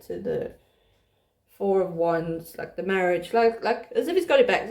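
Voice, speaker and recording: A medium-pitched, slightly mellow voice belongs to a woman who hosts a tarot channel. She chats informally to the camera as she reads the cards, laughing along the way and frequently restarting.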